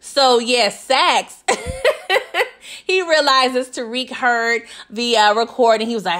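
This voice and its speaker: A chatty woman with a fairly high voice talks through a TV episode recap. She is animated and keeps addressing her viewers directly, laughing often along the way. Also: takes it slowly. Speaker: TV recap vlogger. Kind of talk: casual TV recap.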